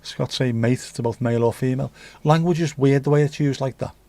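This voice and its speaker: His mid-range voice is mellow and fairly quick as this English livestream host chats casually. He reads viewer comments aloud, going off on rambling, jokey asides and swearing freely.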